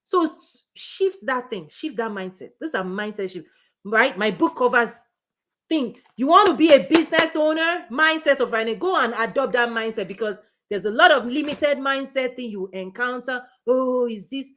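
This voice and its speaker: A woman's voice: fairly high pitch, animated, moderate pace, a bit bright. A woman business coach giving a motivational live-stream talk. She speaks in an emphatic, repetitive preaching cadence and laughs between her points.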